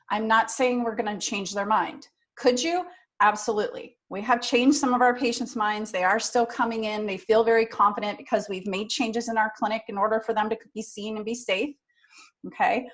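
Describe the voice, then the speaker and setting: Energetic woman coaching office staff. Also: on the high side. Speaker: front office trainer. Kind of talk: training talk.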